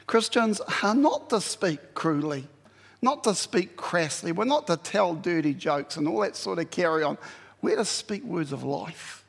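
A man's voice: high voice, expressive, normal speed, creaky, breathy edge, long reverb tail. A man preaching a sermon in a blunt, exhorting way, giving plain commands to his listeners.

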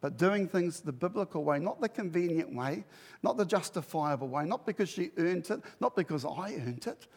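In a big, echoing room, a middle-aged pastor preaches with lots of energy, narrating a story and performing the characters' lines. He has a slightly rough, a little high voice and keeps a moderate pace.

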